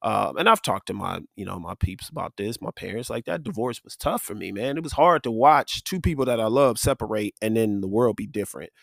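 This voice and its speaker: A man's voice: fairly low pitch, lively intonation, a little fast, gravelly, hardly any pauses, fairly bright tone, no room sound, clean studio sound. A man hosting a podcast, giving an earnest, conversational faith-based monologue. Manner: earnest, conversational, with frequent "like" and "you know". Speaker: podcast host.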